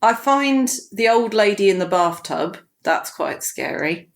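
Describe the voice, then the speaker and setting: A woman's voice: medium pitch, expressive, a little slow. A woman guest chatting casually on a podcast as an enthusiastic film fan.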